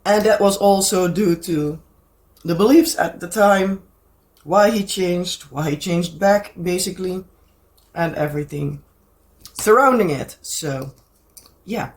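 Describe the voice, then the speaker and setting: A woman with a Dutch accent, hoarse from a cold, hosting a casual rambling craft chat and pausing now and then to find the right words. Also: lowish voice. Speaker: crafting channel host.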